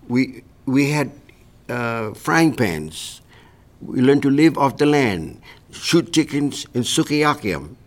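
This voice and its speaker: An older man from Hawaii, reminiscing in an oral history interview and tagging his points with "see". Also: mid-range voice. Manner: reflective storytelling, tags sentences with "see".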